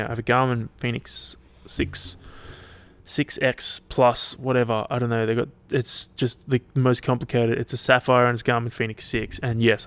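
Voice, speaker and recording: A man's voice: mid-range voice, a bit bright, clear, resonant tone, no echo. An Australian man hosting his own podcast, chatting casually and rambling with lots of swearing. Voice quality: laid-back, rambling, swears freely. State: tired, yawning. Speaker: podcast host. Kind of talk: casual solo podcast chat.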